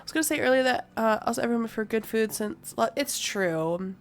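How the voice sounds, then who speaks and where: A woman's voice: fairly high pitch, brisk, hardly any pauses, a little hiss or hum. A woman streamer at home doing giggly, playful let's play commentary.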